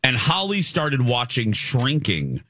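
A man in his forties hosting a radio show, telling a self-deprecating story in an animated way. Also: mid-range voice, takes it slowly, no echo. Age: 40s. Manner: animated, self-deprecating, mimics people he meets. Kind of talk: casual morning-show storytelling. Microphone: studio microphone.

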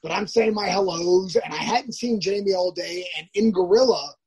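A man's voice: sits high, moderate pace, a little mellow, husky. A man, a professional wrestler as a guest, telling stories casually. He rambles, restarts often and acts out the lines of others. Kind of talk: casual storytelling.

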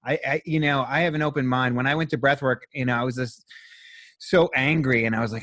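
A man's voice: mid-range voice, steady tone, fairly quick, fairly bright tone, no room sound, studio quality. A man hosting a podcast as a breathwork teacher, talking in an earnest, open way with casual swearing.

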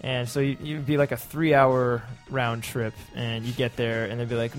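Animated storytelling man. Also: mid-range voice, normal speed, hardly any pauses, soft background music. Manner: animated storyteller, mimics officials. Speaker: podcast guest who lived in Japan. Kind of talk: casual chat.

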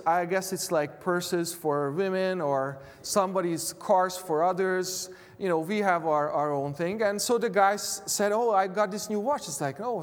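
A man preaching a sermon, halting with many fillers and restarts as he tells a personal story. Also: sits high. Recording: long reverb of a hall.

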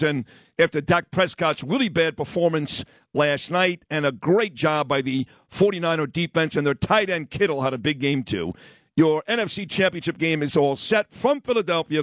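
Wisecracking radio host. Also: male voice, a little high, no room sound. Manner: animated, wisecracking, acts out others in quoted voices. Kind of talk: casual storytelling and sports talk.

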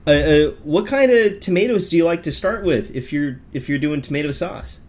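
A man's voice: a little high, expressive, moderate pace. A man hosting a joking chat, playing along and asking eager questions. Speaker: show host. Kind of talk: casual comedic chat.

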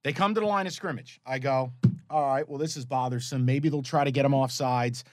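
A man's voice: mid-range voice, fairly quick, background noise. A man co-hosting a sports betting podcast, telling stories in a profane, exasperated way. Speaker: podcast co-host. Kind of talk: casual sports betting chat.

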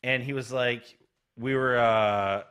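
A man's voice: medium pitch, fairly even intonation, slow, fairly bright tone, clear, resonant tone, highs cut off. A man co-hosting a casual podcast, telling stories animatedly and acting out quoted lines with laughter. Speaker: podcast co-host. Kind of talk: casual chat, retelling stories.

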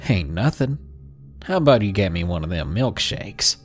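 A man's voice: low voice, very animated, normal speed, faint music behind, voice pushed down. A man voicing a leering middle-aged male cowboy with a Southern accent, talking in an overfamiliar drawl.

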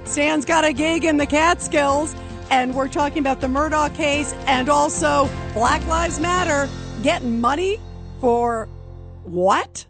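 High-voiced indignant talk radio hostess. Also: female voice, measured pace, over music. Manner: emphatic, indignant. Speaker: radio talk show host. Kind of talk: talk radio, taking calls.

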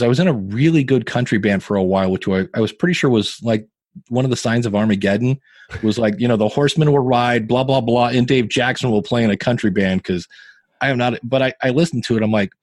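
A man in his fifties, a podcasting guest, telling animated, self-deprecating stories in a casual interview. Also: mid-range voice, fairly quick, no echo. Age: 50s.

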